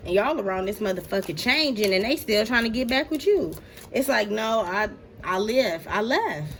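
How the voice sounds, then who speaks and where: A woman's voice: a little high, big pitch swings, normal speed, a bit bright, a little hiss or hum. A woman giving a casual tarot reading to her viewers. She talks in a blunt, slangy, profane way, addresses them directly, and laughs often. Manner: slangy, talks straight to "y'all". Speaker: tarot reader.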